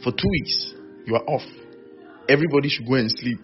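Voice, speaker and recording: A male pastor preaching a sermon, animated and teasing, with playful mock wailing. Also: mid-range voice, brisk, dull audio, faint music behind.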